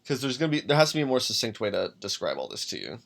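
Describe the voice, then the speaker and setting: Guy on a podcast rambling thru character creation, lots of ums, kinda halting. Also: mid-range voice, big pitch swings, vocal fry, fairly bright tone. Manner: thinking aloud, many ums and restarts. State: has the hiccups. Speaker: podcast host making a character. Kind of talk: casual solo walkthrough.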